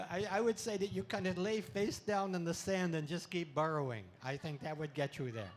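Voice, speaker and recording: A man giving a playful talk to an audience at an expo, full of deadpan puns and laughter exercises, speaking into a handheld mic. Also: high voice, moderate pace, a little hiss or hum. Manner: pun-filled deadpan jokes. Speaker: comedic spiritual speaker.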